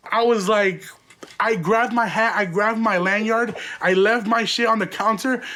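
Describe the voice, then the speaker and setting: High-voiced young man telling a story. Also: steady tone, unhurried, bright, forceful tone. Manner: profane, rambling, laughing often. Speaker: podcast host. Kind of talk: casual storytelling.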